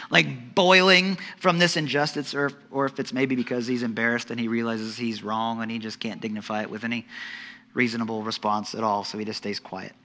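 A man preaching a sermon, dramatic, dropping to soft low tones for emphasis and acting out the voices of the story. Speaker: pastor.

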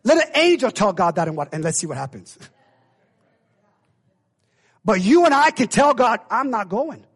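A man preaching a sermon to a church, lively and dramatic, acting out the voices of the figures in his story and rising at times to a shout. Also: high-pitched, moderate pace, husky. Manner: animated, acts out biblical voices, builds to shouts. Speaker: pastor.

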